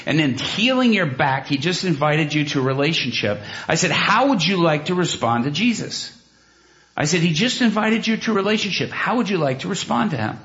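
A man delivers a sermon with a story, his voice pitched a little high. He tells it with animated flair, acting out each quote. The recording is dull and lo-fi. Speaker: preacher.

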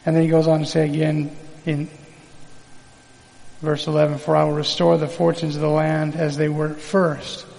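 Preacher guy reading verses, emphatic, gravelly, long hall reverb. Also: on the high side, completely flat delivery, normal speed, a little mellow. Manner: reads scripture aloud with emphatic call-and-response. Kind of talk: sermon.

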